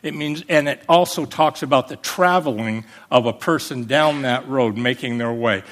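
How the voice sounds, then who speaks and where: A man preaching from the pulpit in a fairly high voice. He talks emphatically, calling for amens and slowing down to spell out old words. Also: animated. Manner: emphatic preaching, calls for amens, explains Greek words slowly. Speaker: pastor. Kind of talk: sermon.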